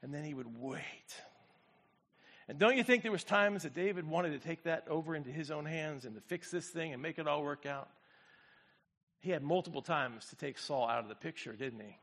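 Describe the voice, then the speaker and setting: High-voiced pastor preaching with dramatic swings. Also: male voice, normal speed. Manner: swings from quiet, low reflection to loud, high exclamation; speaks to the congregation directly, asks for responses. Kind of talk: sermon.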